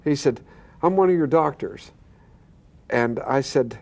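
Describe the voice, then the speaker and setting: A man's voice: medium pitch, animated, measured pace, a little mellow, no room sound. An older man, a pastor, telling his own healing story earnestly, acting out the voices he quotes and stammering now and then. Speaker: pastor and guest. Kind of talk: telling a personal testimony.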